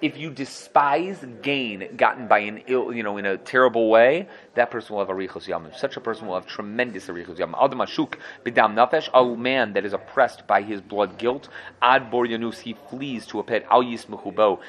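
A man teaching a casual Torah lesson at a quick clip. His voice sits on the low side, and he acts out his students' excuses in different voices and laughs at his own jokes. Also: fairly bright tone. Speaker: yeshiva teacher.

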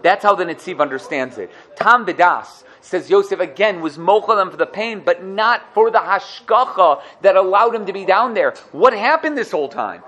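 Lively high-pitched man teaching Torah. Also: normal speed, few pauses. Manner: animated, acts out the quotes he cites; asks his listeners questions. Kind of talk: Torah lesson.

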